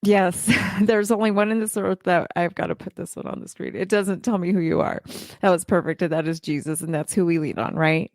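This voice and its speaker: A woman's voice: fairly low pitch, steady tone, brisk, darkish tone, dry recording, clean studio sound. A woman in her forties hosting a heartfelt live-stream talk, earnest and emotional, repeating phrases for emphasis. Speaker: podcast host and child care business coach.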